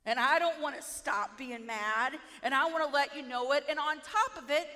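A woman preaching a sermon in a playful, self-mocking, animated way. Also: sits high, moderate pace, in a large hall.

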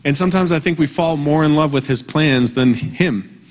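A man in his thirties preaching a conversational, earnest sermon, slowing down for emphasis. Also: on the high side. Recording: long reverb from a large hall.

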